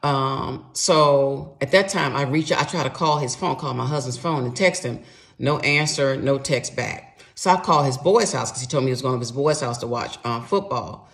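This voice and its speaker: Gravelly-voiced woman telling her story. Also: extremely low pitch, normal speed. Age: middle-aged. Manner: animated, emphatic, talks to viewers directly. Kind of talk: casual personal storytelling.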